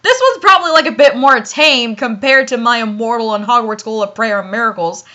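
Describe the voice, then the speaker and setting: High, bright, giggly woman reading fan fiction. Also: animated, brisk, lo-fi sound. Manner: giggly, laughs often, stumbles over words.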